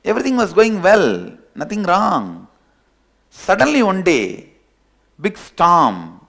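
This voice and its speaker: A man's voice: high voice, wildly swooping pitch, slow, gravelly, fairly bright tone. A man giving a spiritual discourse, telling a parable with repetition and chuckles at his own jokes. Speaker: spiritual teacher.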